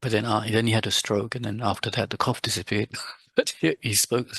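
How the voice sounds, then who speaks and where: Husky-voiced man giving a dharma talk. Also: lowish voice, flat delivery, fairly quick, fairly bright tone, no echo. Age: middle-aged. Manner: conversational, many restarts, quotes his teacher with raised voice. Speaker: Buddhist teacher.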